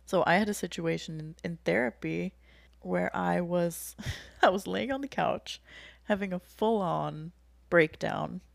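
A young woman talks openly about her own life in a relaxed chat. Her voice sits low and has a heavy gravelly fry. The recording is dry and close. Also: unhurried, dry recording. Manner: candid, emotional, laughs while telling. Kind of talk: casual personal storytelling.

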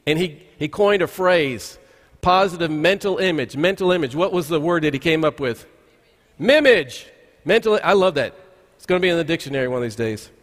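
High-voiced pastor preaching in a reverberant hall. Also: male voice, animated, a little fast, fairly bright tone. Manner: folksy storytelling with frequent "uh" restarts. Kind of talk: conversational sermon. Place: church sanctuary. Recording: long reverb of a large church hall.

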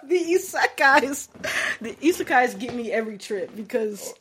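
A woman's voice: on the high side, expressive, moderate pace, heavy background noise. A young woman, co-hosting a casual chat, telling stories animatedly and laughing often. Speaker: podcast co-host.

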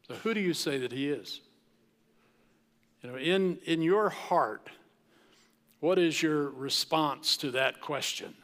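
A man preaching from the pulpit in slow, deliberate phrases with long dramatic pauses. His voice is bright and a little high for a man. Long reverb from the large hall trails each line. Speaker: pastor. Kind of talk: sermon.

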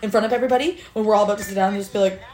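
A woman's voice: medium pitch, rapid-fire, roomy sound, heavy background noise. A young woman co-hosting a casual podcast chat, telling funny stories with lots of giggling. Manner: giggly, animated storyteller. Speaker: podcast co-host.

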